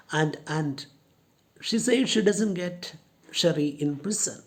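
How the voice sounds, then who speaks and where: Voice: mid-range voice, animated, slow pace, darkish tone. Teacher explaining a play line by line. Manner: explains each quoted line by paraphrasing it. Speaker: college English teacher. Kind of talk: explaining a play in an online class.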